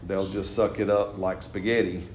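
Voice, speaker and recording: A middle-aged man with a fairly low voice teaches his congregation in a loose, conversational style, chuckling often and checking in with "right?". His voice carries a roomy echo, as if in a church hall. There is a faint hum of noise under it. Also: level tone, moderate pace. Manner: chatty, laughing, keeps asking "right?". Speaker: pastor leading a Bible study. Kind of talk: informal teaching with congregation replies.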